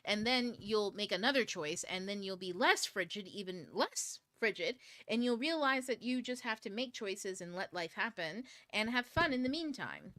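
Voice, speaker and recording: A woman's voice: medium pitch, animated, moderate pace, few pauses, pushed and bright, no echo. A woman hosting a book club stream, chatting casually in a blunt, profane way and laughing often. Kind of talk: casual livestream talk.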